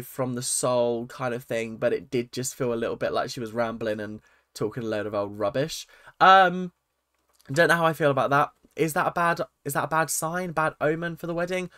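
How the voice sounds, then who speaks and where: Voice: mid-range voice, normal speed, a bit bright, no room sound, clean studio sound. A reality TV reaction vlogger, casual and sarcastic, often repeating phrases in exasperation.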